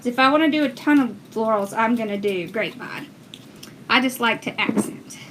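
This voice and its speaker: On a livestream, a woman casually teaches wreath making, reading viewer comments aloud while she works. Her voice is fairly high and moves at a normal speed, with some background noise behind it.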